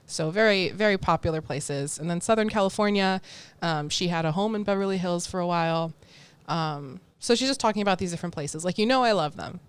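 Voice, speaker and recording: A woman's voice: fairly low pitch, fairly quick, clear, resonant tone, dry recording. Young woman, American accent, casual podcast chat, giggly, close dry mic. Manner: giggly, chatty, laughs often. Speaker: podcast co-host.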